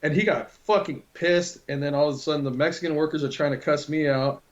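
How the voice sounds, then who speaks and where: A man's voice: a little high, steady tone, fast talker. A man casually telling a long prank story to a friend, loose and full of swearing. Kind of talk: casual chat. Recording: dull lo-fi recording.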